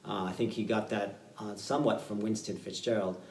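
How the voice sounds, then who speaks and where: A man teaching fiddle in an online workshop. He explains in a relaxed, halting way, with many fillers. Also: on the low side. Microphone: video call. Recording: roomy sound, mic at a distance, loud fiddle playing.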